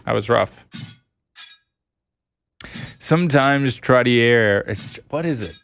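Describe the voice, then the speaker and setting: A man's voice: mid-range voice, expressive, slow pace, vocal fry, pauses often, fairly bright tone, a little hiss or hum. Chatty man streaming a game. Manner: chatty, laughs often, talks to chat. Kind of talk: casual gameplay chat with chat readers.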